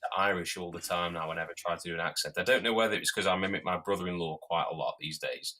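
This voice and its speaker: A low-pitched man chatting loosely on a podcast, laughing easily as he talks. His voice is deep with a bright, forceful edge. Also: quick pace. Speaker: podcast co-host. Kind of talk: casual chat.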